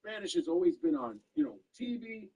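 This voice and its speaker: A man on a casual podcast chat, animated and profane as he rants. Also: very high voice, brisk, vocal fry, breathy edge, highs cut off.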